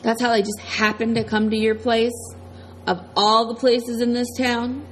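A woman's voice: fairly high pitch, level tone, measured pace, a bit bright, slight background noise, rough recording. A woman reading a menacing ex-convict preacher. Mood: threatening.

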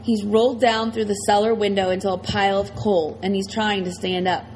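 Casting: woman audiobook narrator, mid pitch, dramatic first-person delivery. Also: level tone, fairly quick, a little mellow, slight background noise, rough recording. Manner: tense, dramatic storytelling.

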